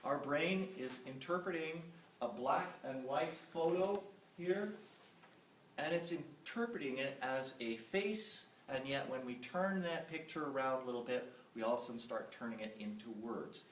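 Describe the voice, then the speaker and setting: A man's voice: medium pitch, expressive, normal speed, slight background noise. A man giving a public lecture, emphatic and often checking in with his audience by asking "right?". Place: lecture room. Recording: roomy, distant from the mic.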